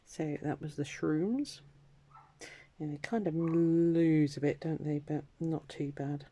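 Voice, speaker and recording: A woman vlogger with a low, dark voice talks slowly and casually while she crafts. She's self-deprecating, mutters asides to herself, and sometimes drops to a whisper.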